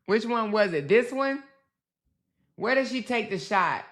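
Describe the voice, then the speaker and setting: A woman's voice: on the high side, unhurried. A woman host commenting on live stream clips, talking animatedly to her viewers. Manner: animated, talks back to viewers.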